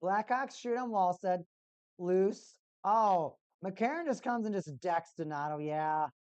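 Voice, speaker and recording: A woman's voice: on the low side, expressive, slow pace, darkish tone, no room sound, muffled recording. A woman streamer giving casual play-by-play and exasperated fan commentary on a hockey game.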